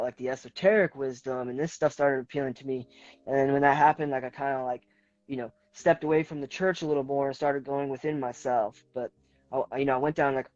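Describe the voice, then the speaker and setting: A man's voice: mid-range voice, a little mellow, no room sound, lo-fi sound. A man telling a long personal story as a podcast guest, rambling and filling nearly every phrase with "like". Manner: rambling, leans heavily on filler "like". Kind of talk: personal story in casual conversation.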